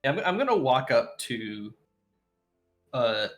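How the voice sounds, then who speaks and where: A player in a tabletop role-playing game who speaks hesitantly, with many pauses. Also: mid-range voice, sing-song, faint music behind. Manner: hesitant, halting. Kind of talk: casual tabletop play.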